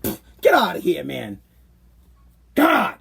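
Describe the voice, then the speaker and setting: Podcast host, man in his thirties, high voice, worked-up casual rant. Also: slow, vocal fry, breathy edge. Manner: animated, exasperated ranting. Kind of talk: casual ranting monologue.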